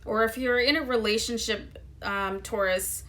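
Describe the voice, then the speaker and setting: A woman's voice: on the high side, steady tone, normal speed, pushed and bright. A woman giving a casual tarot card reading to her viewers in a loose, chatty way with many fillers. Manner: chatty, loose, lots of "you know" and "um". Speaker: tarot reader.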